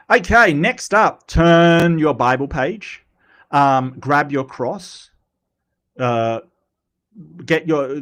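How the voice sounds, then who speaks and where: A male livestream host in casual commentary, reading chat aloud, chatty and teasing, often repeating words and filling pauses. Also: mid-range voice, a bit bright.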